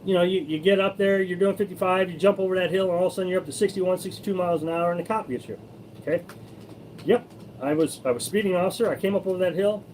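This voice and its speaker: A man's voice: high voice, darkish tone, slight background noise, poor audio. A man from Missouri hosting a casual live stream about RV life, answering viewer comments in a rambling, opinionated way with many restarts. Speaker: host of a live-streamed RV living channel.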